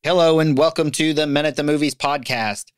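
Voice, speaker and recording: A man's voice: a little high, fairly even intonation, brisk, clean tone, dry recording, studio quality, soft background music. A man hosting a podcast in a casual, chatty way, laughing easily and often restarting his sentences. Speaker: podcast host.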